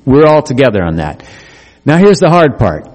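A middle-aged man delivers a sermon from the pulpit, his voice at an ordinary middle pitch. He preaches with animation, often rising to emphatic peaks. The sound carries the long reverb of a church sanctuary. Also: sing-song, moderate pace, darkish tone. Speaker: pastor.

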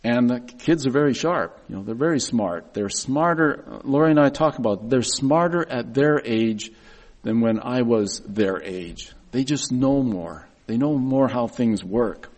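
A man's voice: medium pitch, expressive, measured pace, a little mellow. Earnest middle-aged man preaching. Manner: earnest storytelling with frequent word repeats. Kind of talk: sermon.

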